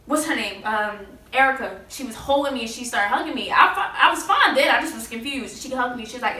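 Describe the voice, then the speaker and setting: A woman recounting a painful family memory in casual conversation, animated, laughing through tears. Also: fairly high pitch, quick pace, hardly any pauses. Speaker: one of the sisters in a family talk. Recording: roomy sound from a distance.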